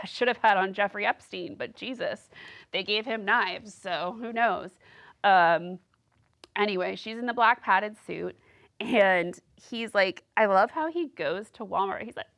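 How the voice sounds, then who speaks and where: A woman hosts a casual solo podcast, her mid-range voice creaky and a bit bright. She gossips and rambles, leaning heavily on "like."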